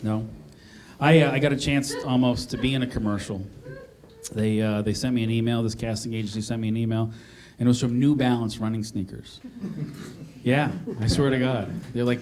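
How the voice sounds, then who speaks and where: A middle-aged man from Maine performs a self-mocking stand-up set on a comedy club stage, working the crowd. His voice is mid-range and steady, fairly quick. It's a live club recording with loud audience laughter in the background.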